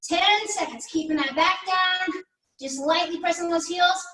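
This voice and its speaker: A woman's voice: very high voice, measured pace, pushed and bright, faint music behind. A woman leading a pilates workout class, chatty and encouraging as she counts down reps. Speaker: pilates instructor. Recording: echoey room, mic at a distance.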